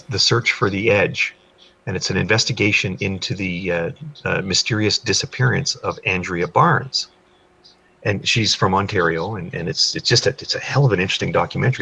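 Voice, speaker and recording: A man co-hosting a casual group chat, talking in an animated way as he explains his points. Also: low voice, creaky, husky. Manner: chatty, animated when explaining. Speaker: podcast co-host.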